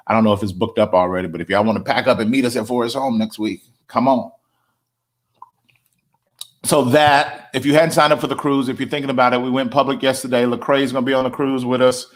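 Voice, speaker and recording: A middle-aged man, a pastor chatting casually with his online viewers, joking and stretching words for emphasis. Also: medium pitch. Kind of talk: casual livestream talk to viewers.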